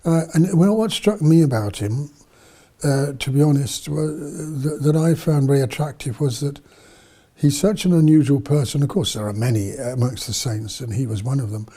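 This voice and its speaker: Husky dark-voiced priest telling stories. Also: male voice, medium pitch, normal speed. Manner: rambling, with many fillers and restarts. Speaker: priest and missionary. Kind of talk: storytelling in an interview.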